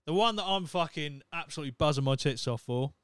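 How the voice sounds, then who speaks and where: A man's voice: a little high, expressive, fast, a bit bright, smooth, no echo. A young man hosting a solo podcast, talking in a blunt, sweary, opinionated way. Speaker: podcast host. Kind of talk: casual solo podcast rant.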